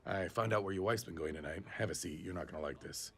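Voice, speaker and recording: An actor playing an excitable, intense ex-cop man in a TV sitcom, lurching between grim muttering and sudden outbursts. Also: low-pitched, quick pace. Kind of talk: TV sitcom acting.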